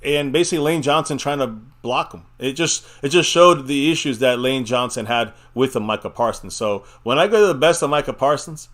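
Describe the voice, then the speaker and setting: A man's voice: mid-range voice, brisk, hardly any pauses, fairly bright tone. A man hosting a live fan chat stream, talking casually and rambling, with frequent laughs and the odd swear.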